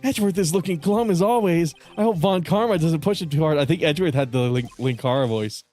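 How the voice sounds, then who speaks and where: A man's voice: a little high, quick pace, darkish tone, faint music behind. A man streaming a video game in casual commentary, joking, swearing a lot and laughing often. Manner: profane, joking, frequent laughter. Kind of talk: casual gaming livestream commentary.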